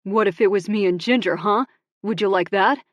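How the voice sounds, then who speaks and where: A woman's voice: on the low side, fairly even intonation, brisk, no room sound, dull audio, lightly acted. A woman doing a blunt, heated young man. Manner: blunt and loud.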